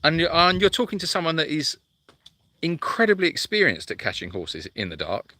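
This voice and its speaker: A man's voice: fairly high pitch, wildly swooping pitch, a little fast, sharp tone, dry recording. A man hosting a live sanctuary chat, reading out viewer comments and answering in a chatty, rambling way full of fillers.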